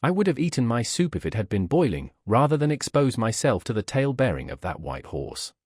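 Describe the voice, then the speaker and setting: A man reading a classic tale aloud as an audiobook narrator, with expressive delivery and a husky voice, recorded close on a dry mic. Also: mid-range voice, fairly quick, no room sound.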